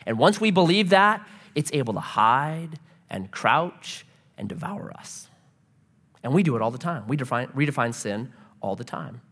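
Animated preaching man in a hall. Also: mid-range voice, normal speed. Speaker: pastor. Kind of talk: sermon. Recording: reverberant hall.

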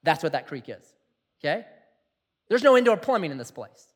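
A middle-aged man preaching a sermon in a jokey, animated way, acting out quotes. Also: fairly high pitch, moderate pace. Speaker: pastor.

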